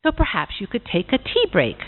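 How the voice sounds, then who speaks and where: A woman voicing a cheerful, sociable busybody pig with a bright, chatty manner, on a tinny recording. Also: medium pitch, huge pitch swings, a little fast. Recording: tinny phone-like sound.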